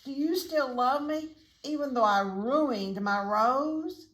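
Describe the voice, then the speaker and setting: A woman voicing a small eager male chick, with a high, pleading childlike voice. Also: slow, a bit bright.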